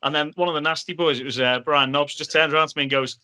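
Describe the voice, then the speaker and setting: A man spins casual anecdotes as a podcast guest. His voice is very bright and a little high for a man. He tells his stories with animation, acting out other people's lines. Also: fairly even intonation, racing, smooth. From Liverpool, England.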